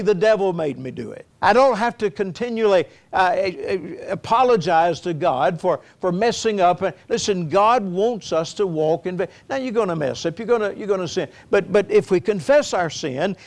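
A man's voice: high voice, darkish tone. Earnest preacher man. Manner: earnest storytelling with frequent repetitions, rising into fervent appeals. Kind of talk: sermon. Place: church sanctuary.

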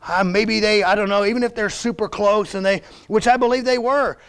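A middle-aged male pastor preaching a sermon. He is emphatic and personal, and swings between hushed confiding and raised emphasis. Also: high-pitched, steady tone, brisk, smooth.

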